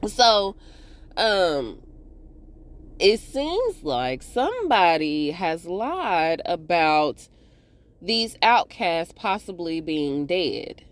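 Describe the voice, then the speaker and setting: A woman talks through a TV episode recap in a loose, chatty way, throwing asides to her viewers as she retells scenes. Her pitch swings widely around a mid-range voice, lively and expressive. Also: slow. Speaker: TV recap host.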